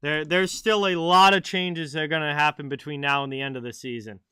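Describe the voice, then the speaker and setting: Bright, crisp-voiced hockey stream host. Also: male voice, on the high side, fairly even intonation, brisk, no room sound, studio quality. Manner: conversational, answers chat viewers by name. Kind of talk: casual live-chat commentary.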